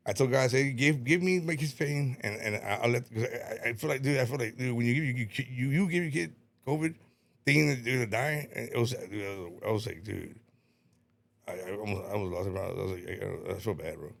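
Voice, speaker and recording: A man's voice: mid-range voice, fairly quick, gravelly. A middle-aged man telling stories in casual podcast chat, repeating words, swearing and laughing as he rambles. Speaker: podcast guest.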